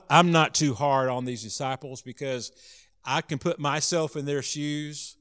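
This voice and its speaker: A man preaching a sermon in an earnest way, rising to loud emphasis and dropping to soft, hushed lines. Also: medium pitch. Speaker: pastor.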